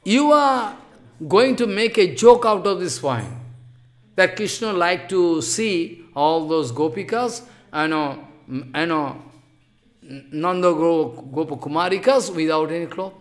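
Man, high-pitched voice, fervent sermon, broken English, sudden loud bursts. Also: expressive, unhurried. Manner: impassioned, scolding, swings between loud outbursts and hushed asides; non-native English with broken grammar. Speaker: spiritual teacher. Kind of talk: devotional sermon.

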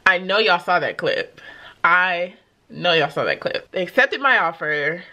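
A woman vlogging casually, telling a personal story in a chatty, expressive, faith-filled way. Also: lowish voice, unhurried.

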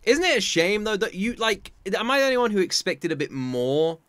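Rich: An excitable young man reacts to an anime, his voice swooping up and down with a bright, forceful edge. He chats casually and swears freely. The sound is close and dry. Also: high-pitched, fairly quick, dry recording.

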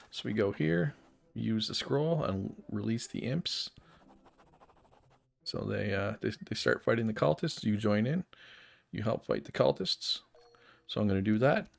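Fairly low and gravelly, this man's voice carries a relaxed game walkthrough as he talks casually and thinks out loud during play as a gaming guide host.

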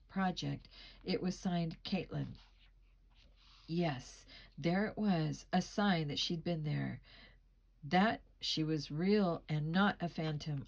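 Audiobook reader, woman, slightly low pitch, steady pacing, small stumbles. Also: low-quality recording. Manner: steady reading with occasional slips and restarts. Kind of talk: storybook narration.

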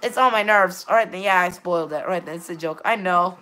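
Rambling bright-voiced woman streamer. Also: lowish voice, fast talker. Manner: rambling, keeps repeating "all right then"; reads viewer chat aloud and greets viewers. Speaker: game streamer. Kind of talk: live gameplay stream chat.

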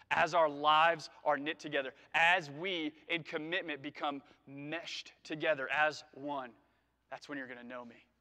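A man with a bright, fairly high voice preaching in a church sanctuary, shifting between casual jokes and earnest reading of scripture. His words ring out with a long hall reverb. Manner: animated, conversational, jokes with congregation. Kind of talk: sermon.

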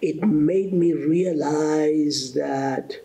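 A man's voice: fairly high pitch, fairly even intonation, creaky, dark tone, slight background noise. A middle-aged man from South Africa with a South African accent, earnestly sharing a personal testimony in an interview. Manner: slow, reflective and earnest, with fervent rises. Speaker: gospel singer and bishop being interviewed.

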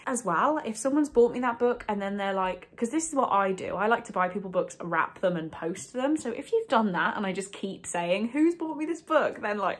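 A young woman talking casually to camera from home about books, in a rambling, apologetic way. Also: mid-range voice. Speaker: book vlogger. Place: home, indoors.

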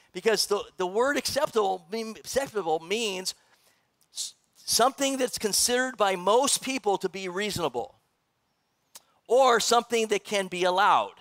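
A middle-aged man, a pastor, preaching in a church, animated and joking with the congregation. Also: high voice, no echo. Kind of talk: sermon. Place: church sanctuary.

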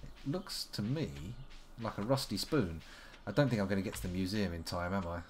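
A man's voice: deep voice, animated, a little fast, a little hiss or hum. A man giving casual, wry live gameplay commentary, chatting to himself as he plays. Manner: chatty, wry, talks to himself while playing. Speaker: game streamer.

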